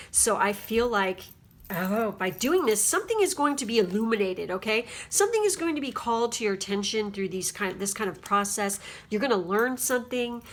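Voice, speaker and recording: A woman's voice: medium pitch, animated, a little fast. A woman giving a casual spiritual card reading at home, rambling and chatty and often checking in with her listeners. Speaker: tarot card reader.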